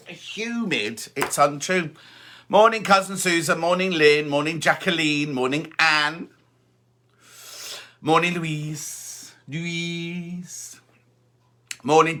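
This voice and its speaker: Host, middle-aged man: bright, slightly high voice, friendly chatter over viewer greetings. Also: takes it slowly. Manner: chatty, reads greetings aloud and chats back. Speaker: host of a live stream. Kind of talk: casual live-stream chat reading viewer comments.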